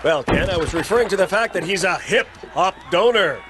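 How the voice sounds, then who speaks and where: A cartoon commentator with a raised, high pitch and a deadpan delivery. He cracks silly jokes as if they were plain fact. The sound is distant, like a played-back clip. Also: brisk, background noise. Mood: deadpan joking.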